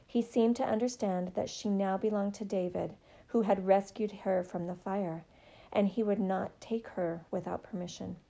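Gravelly, mellow woman storyteller. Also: mid-range voice, fairly even intonation, moderate pace. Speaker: narrator. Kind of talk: audiobook reading of a novel.

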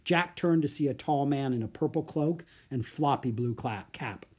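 Expressive, husky storybook narrator. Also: mid-range voice, moderate pace. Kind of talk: scripted storybook reading.

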